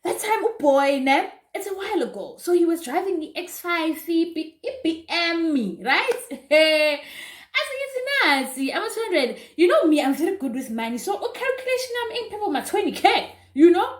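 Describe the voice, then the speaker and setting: A young South African woman telling a casual storytime, chatty and animated, with asides to her viewers. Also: extremely high pitch, moderate pace. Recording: roomy echo.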